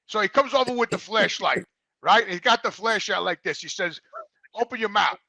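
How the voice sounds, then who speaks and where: High, bright-voiced excitable New man. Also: normal speed, vocal fry, no echo, poor audio. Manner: excitable storyteller, swears a lot, repeats words. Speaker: regular co-host. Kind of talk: casual chat, storytelling. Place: studio.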